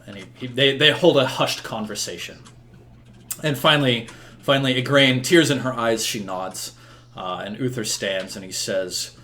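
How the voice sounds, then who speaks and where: A man's voice: mid-range voice, normal speed, bright, forceful tone. A man narrating a tabletop role-play game as game master, hesitant, with many restarts. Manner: hesitant, full of restarts and fillers.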